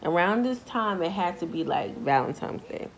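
Animated young woman telling a story. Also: normal speed, slight background noise, low-quality recording. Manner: animated, acts out quoted voices in a high pitch; slangy, repeats filler phrases. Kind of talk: casual storytime narration.

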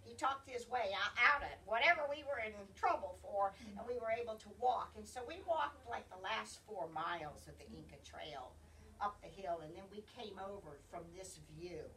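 Southern woman, library travel talk, bright lively delivery, recorded from a distance with faint hiss. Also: medium pitch, moderate pace. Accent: Southern American. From American South. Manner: chatty, digressive, often loses her place. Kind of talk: informal slide presentation. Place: library meeting room.

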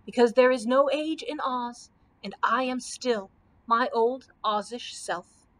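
A woman's voice: on the high side, slow, a bit bright. A woman reading aloud as a jolly male scarecrow. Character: cheery straw-stuffed male scarecrow.

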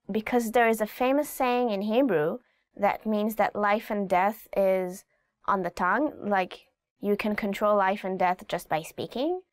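A woman's voice: mid-range voice, no room sound. A woman giving a casual language lesson, chatting, laughing often and acting out phrases with whispers and gasps. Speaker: language teacher.

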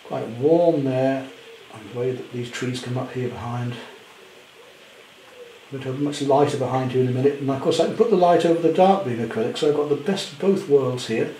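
A man demonstrating a painting at home, chatty with gentle self-deprecating humour. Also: mid-range voice, a little fast, reverberant, a little hiss or hum, low-quality recording. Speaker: art teacher. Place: indoor studio at home.

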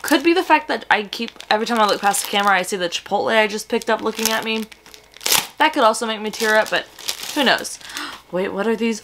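A book vlogger in her twenties chats casually at home, gushing and excitable, breaking into gasps and breathy whispers. Her voice is a little high, with a bit of hiss or hum.

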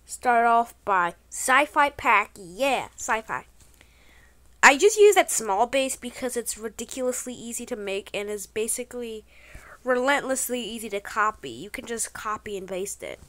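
Excitable woman narrating her gameplay. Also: on the high side, moderate pace. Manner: excitable, bursts of exclamations; playful trolling banter, slangy. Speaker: gaming channel host. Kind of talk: gameplay commentary.

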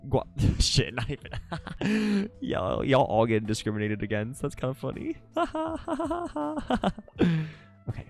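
A man streaming live while drawing, chatting casually with viewers, excitable, swearing a lot and laughing often. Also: fairly high pitch, slow, gravelly, soft background music.

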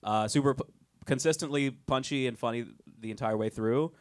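A man's voice: medium pitch, brisk, no echo. A man co-hosting and judging at a comedy club, giving upbeat, loose, filler-heavy feedback to a comic. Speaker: judge and co-host. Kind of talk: casual panel feedback.

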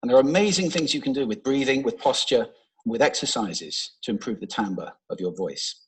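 A man giving a public talk on stage, expressive and playful. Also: medium pitch, brisk, breathy edge, poor audio. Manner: expressive, playful, demonstrates voice techniques. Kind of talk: public talk with vocal demonstrations. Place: large stage before an audience. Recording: played from a talk recording.

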